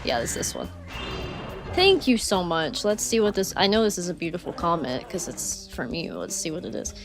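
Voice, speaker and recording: A chatty woman streamer talks to her chat while she plays, her voice lively and rising and falling a lot. She rambles with plenty of ums and gushes warmly over viewers' comments, with faint music behind her. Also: lowish voice, normal speed. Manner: chatty, rambling, frequent fillers, reads chat aloud; warm and effusive toward viewers. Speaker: gaming streamer. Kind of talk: casual live-stream chat while playing.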